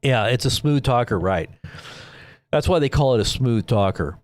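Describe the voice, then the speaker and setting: A man's voice: mid-range voice, expressive, normal speed, no echo. Preachy man warning listeners, dry close sound. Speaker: commentary host. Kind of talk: live political commentary.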